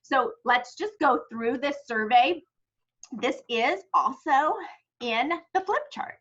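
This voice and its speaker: A woman's voice: high-pitched, animated, takes it slowly, a bit bright, dull audio. A woman giving sales training in a chatty way, telling of her own practice. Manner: chatty, self-correcting, tells stories of her own practice. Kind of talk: training talk to a sales team.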